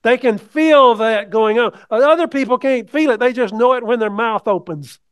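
A man's voice: extremely high pitch, moderate pace, clean tone. A man preaching a sermon in a conversational way, asking his listeners questions. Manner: conversational, asks the congregation questions.

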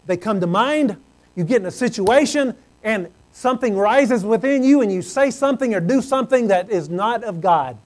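High-voiced man preaching a sermon. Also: expressive, moderate pace, rough recording. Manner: earnest, swings from loud exclamations to hushed low tones.

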